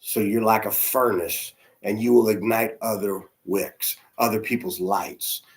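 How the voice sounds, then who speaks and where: A man quoting a gentle motherly older woman. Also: fairly low pitch, steady tone, measured pace. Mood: tender.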